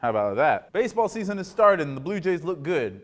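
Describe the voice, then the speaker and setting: A young man hosting a student sports talk show, giving wry, animated takes and dropping into low mutters. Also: fairly quick. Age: young adult. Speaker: host.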